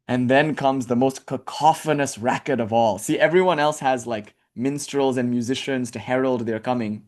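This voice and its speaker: A man's voice: medium pitch, normal speed, hardly any pauses, darkish tone. A man giving a casual storytelling lecture, chatty, with frequent fillers and asides.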